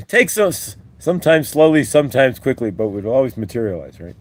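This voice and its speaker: Man, host, live-stream spiritual talk, rambling, upbeat, mid-pitched voice, guided affirmations. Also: sing-song, moderate pace. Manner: rambling, upbeat, leads repeat-after-me mantras.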